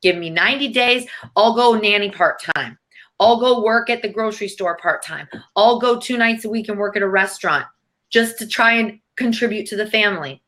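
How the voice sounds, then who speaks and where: A woman's voice: medium pitch, normal speed, a bit bright. Woman, motivational guest; emphatic, preachy delivery with casual swearing. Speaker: guest coach. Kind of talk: motivational interview talk.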